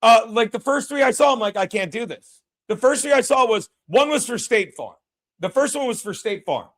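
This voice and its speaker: A man's voice: very high voice, animated, moderate pace, fairly bright tone. A man hosting a podcast, chatting casually and bluntly, rambling and swearing often. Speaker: podcast host. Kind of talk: casual, profane chat.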